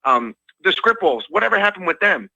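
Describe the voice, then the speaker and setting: A male caller talks to a radio host over the phone in a rambling, stop-start way, losing his thread. His voice is very bright and a little high. The phone line is dull and muffled, with a dry sound. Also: very animated, creaky, no room sound. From Delaware. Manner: rambling, halting, laughs between points. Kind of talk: call-in phone conversation. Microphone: telephone.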